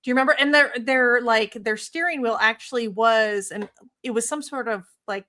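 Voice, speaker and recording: A woman co-hosts a casual podcast and asks the guests questions. She giggles often between her lines. Her voice has a bright, tense tone. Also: a little high, normal speed, slight background noise. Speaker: podcast co-host.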